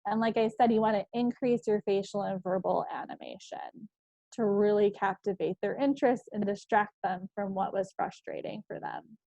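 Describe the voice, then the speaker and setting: Calm woman psychologist explaining parenting steps. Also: medium pitch, normal speed, vocal fry, dry recording. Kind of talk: parenting presentation. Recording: slightly dull, muffled recording.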